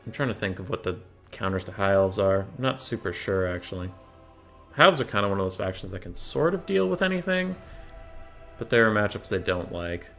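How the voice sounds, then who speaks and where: A man's voice: on the low side, animated, fairly quick, vocal fry, a bit bright, soft background music. A young man casting a strategy game tournament, chatty and joking as he thinks aloud about the matchups. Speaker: tournament caster. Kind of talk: casual game commentary.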